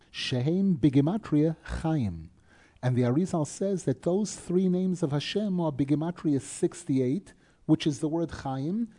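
A man's voice: on the high side, warm tone. A man teaching a Torah class, explaining step by step, stressing key words and posing rhetorical questions.

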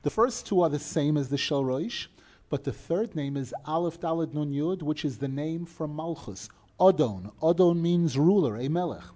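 A man's voice: on the high side, expressive, moderate pace, warm tone. A man teaching a Torah class, explaining step by step, stressing key words and posing rhetorical questions.

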